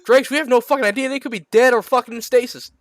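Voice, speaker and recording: A man's voice: very high-pitched, steady tone, fast talker. A young man reading a comedy book aloud and breaking in with incredulous, heavily sworn commentary. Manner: incredulous, swearing constantly. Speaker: reader reacting to a comedy book.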